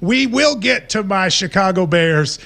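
A man hosting a sports radio talk show, his voice high and bright. He speaks with wry self-assurance and likes to tease. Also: expressive, unhurried.

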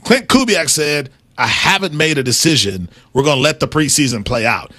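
A man co-hosting sports talk in casual back-and-forth. His voice sits a bit high, bright and very animated, poking fun at himself between points. The sound is dry and close. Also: no room sound. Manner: conversational, self-deprecating, quick to laugh. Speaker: sports analyst co-host.

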